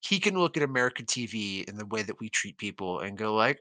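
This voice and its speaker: Lively bright-voiced man chatting about film. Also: mid-range voice, fast, dry recording. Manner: animated, laughs often, jokey. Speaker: podcast co-host. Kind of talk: casual film podcast chat.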